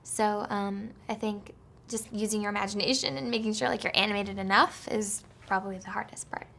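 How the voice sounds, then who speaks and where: A woman's voice: mid-range voice, fairly even intonation, a little fast, vocal fry, fairly bright tone. A woman being interviewed about her voice acting, talking casually with lots of fillers. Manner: chatty, full of fillers like "like" and "um". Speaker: actress interviewed about voice work.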